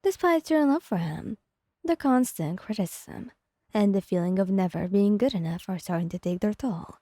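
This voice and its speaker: Mellow woman reading an ASMR story. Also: medium pitch, expressive, moderate pace, no echo, clean studio sound. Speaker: narrator. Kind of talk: second-person ASMR story narration.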